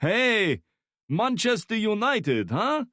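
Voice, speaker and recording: A man's voice: sits high, big pitch swings, takes it slowly, a bit bright, no room sound, clean studio sound, voice pushed up, exaggerated voice. A male narrator voicing a wiry, jovial Slavic torturer with a heavy Slavic accent who masks threats with friendly banter. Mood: chummy.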